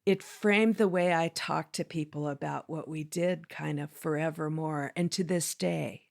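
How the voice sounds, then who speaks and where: A woman's voice: low-pitched, unhurried, gravelly. A woman co-hosting a podcast in casual conversation, telling stories with lots of animation and acting out the people she quotes. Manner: animated storyteller, acts out quoted dialogue. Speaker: podcast co-host.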